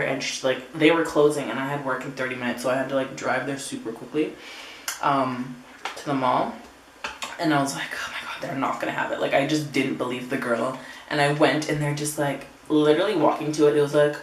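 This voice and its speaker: Chatty young woman, low voice, roomy sound. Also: a little hiss or hum. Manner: chatty, rambling, acts out her own quotes. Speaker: beauty vlogger. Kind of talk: casual get-ready-with-me chat. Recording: roomy, slightly distant home recording.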